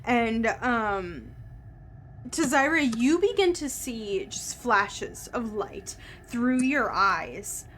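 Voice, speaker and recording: A woman game master who narrates at a slow, deliberate pace, painting each scene for her players. Her voice sits a little on the high side. A faint hiss of ambience runs underneath. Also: lively intonation, fairly bright tone. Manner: unhurried, descriptive narration.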